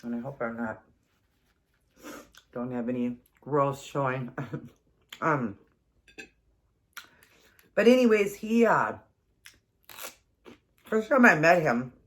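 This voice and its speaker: A woman's voice: very deep voice, lively intonation, slow, pauses often. Chatty rambling woman in her forties. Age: 40s. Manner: chatty, rambling, laughs often. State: runny nose. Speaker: keto vlogger. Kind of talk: casual storytelling while eating.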